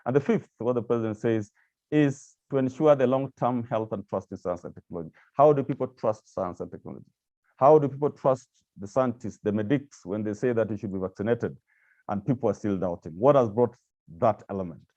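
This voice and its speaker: A man's voice: mid-range voice, fairly quick, dark tone, dry recording, lo-fi sound. A man giving a presentation with slides to staff of agencies, speaking hesitantly with many repeated words and fillers. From Kenya.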